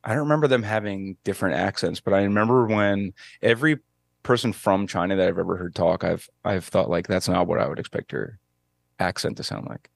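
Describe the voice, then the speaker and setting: A man's voice: low-pitched, brisk, gravelly, no echo, studio quality. A man co-hosting a casual podcast, rambling and hesitant with lots of fillers. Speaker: podcast co-host. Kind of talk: casual chat.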